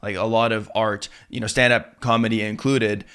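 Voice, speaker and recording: A man's voice: fairly low pitch, normal speed, smooth. A man hosting an interview, chatting casually and loosely with lots of "like", sometimes acting out quotes. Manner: relaxed and chatty, many "like" fillers, acts out quotes. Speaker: interview host.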